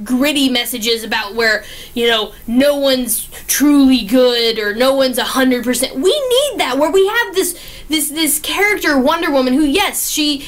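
A young woman talks through a movie review in a high, bright voice. She gushes and gets excited, often restarting her sentences as her thoughts run ahead of her words. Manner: gushing and excitable, with many restarts. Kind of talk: casual spoken movie review.

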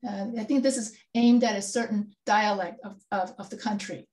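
This woman speaks at medium pitch and normal speed, her tone steady and a little mellow. She is a writing instructor in an online class session, patiently testing students with questions during a grammar review.

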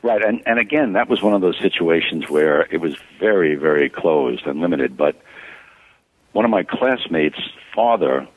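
Deep-voiced older man on a tinny phone line. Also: normal speed. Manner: relaxed, rambling, many fillers. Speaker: photographer, guest. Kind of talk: casual interview reminiscing.

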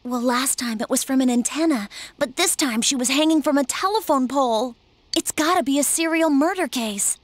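A woman voicing an excited, gossiping teenage schoolgirl in a video game. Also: high voice, moderate pace, dry recording, natural voice. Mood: gossipy.

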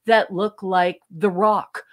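A woman's voice: mid-range voice, fairly even intonation, takes it slowly. A woman co-hosting a casual podcast, speaking emphatically and affectionately. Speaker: podcast co-host. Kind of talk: casual chat.

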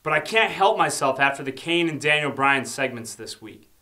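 A man's voice: on the high side, animated, moderate pace, bright, forceful tone. A man hosting a comedic wrestling commentary show, sardonic and mock-arrogant. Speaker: host.

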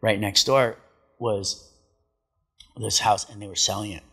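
Husky, forceful middle-aged man telling stories. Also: fairly low pitch, a little slow, big-room sound. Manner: profane, animated, acts out quotes. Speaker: guest, pro surfer and commentator. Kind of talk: casual storytelling chat.

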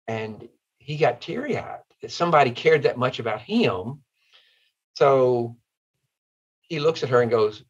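A man's voice: mid-range voice, measured pace, husky, muffled recording. A man, a guest author telling heartfelt, folksy stories in an interview. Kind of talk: interview storytelling.

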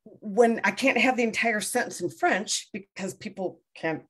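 A woman's voice: mid-range voice, normal speed, breathy edge. Self-deprecating middle-aged woman novelist. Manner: rambling, self-deprecating, frequent restarts. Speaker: debut novelist being interviewed. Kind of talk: casual interview conversation.

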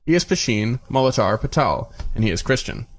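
A man's voice: mid-range voice, expressive, fairly quick, lightly acted. A man voicing a proud, indignant Christian priest who snaps and sputters in an audiobook reading. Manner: snapping, sputtering, raised voice.

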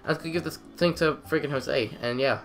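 A man's voice: on the high side, brisk, a bit bright, faint music behind. A young man doing casual let's-play commentary, sarcastic and crude, grumbling at the characters.

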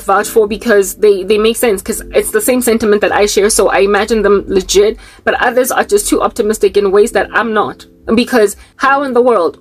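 Fervent woman vlogging. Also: fairly high pitch. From South Africa. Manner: fervent, rhetorical questions, rambling asides. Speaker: Christian YouTuber. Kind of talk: impassioned vlog monologue.

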